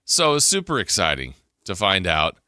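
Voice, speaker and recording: Bright, lively low-voiced male radio host. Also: moderate pace, smooth, no room sound, studio quality. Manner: animated storyteller, gasps and laughs while telling. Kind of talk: casual chat. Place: radio studio.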